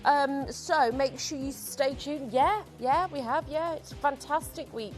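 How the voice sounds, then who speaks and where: On a live TV shopping channel, a female host sells jewelry with chatty, self-mocking patter, sounding congested and throaty from hay fever. Her voice is high-pitched and her pace measured, with faint music playing behind her.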